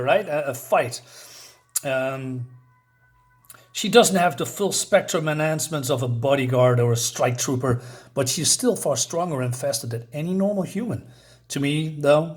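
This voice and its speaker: Rambling, somewhat high-voiced man reviewing comics. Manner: rambling, with many fillers and restarts.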